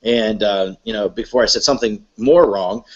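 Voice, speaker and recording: A man, a guest speaker, telling a personal story to an audience in a halting way full of fillers and restarts. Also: lowish voice, highs cut off.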